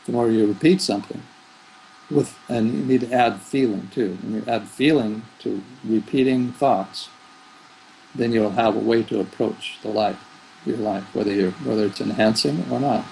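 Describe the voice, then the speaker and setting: A man's voice: fairly low pitch, moderate pace, gravelly, warm tone, a little hiss or hum, poor audio. A man who is a spiritual teacher, giving rambling, thoughtful answers in an interview. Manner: rambling, thoughtful, with fillers and restarts.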